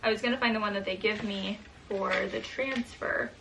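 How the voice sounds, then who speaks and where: A woman's voice: medium pitch, fairly even intonation, normal speed, a bit bright, slight background noise, rough recording. A young woman and mother chatting casually in a home vlog, emotional and laughing at times. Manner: sing-song talk to her baby. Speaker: vlogger, mother.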